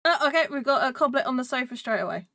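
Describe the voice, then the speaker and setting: A woman hosting a casual podcast chat, easygoing and quick to laugh. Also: high-pitched, expressive, pushed and bright, dry recording, studio quality. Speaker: podcast host.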